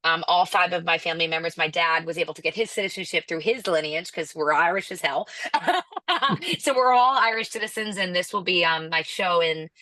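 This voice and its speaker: A woman's voice: on the low side, brisk, no room sound. A young woman with an American accent, a musician guest chatting in an interview, acting out other people's lines in playful voices. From United States. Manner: animated, acts out quoted people in playful voices. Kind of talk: casual interview chat.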